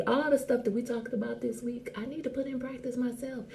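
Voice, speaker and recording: A woman hosting a casual live chat show, talking in a sassy, animated and blunt way and greeting viewers by name. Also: a little high, fairly quick, creaky, hardly any pauses. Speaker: host.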